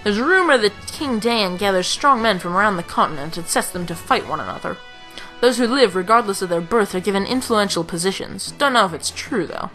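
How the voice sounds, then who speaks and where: A woman's voice: medium pitch, animated, a little fast, pushed and bright, faint music behind, rough recording. A woman reading a cynical male mercenary archer, passing on a rumor in a dry, offhand way.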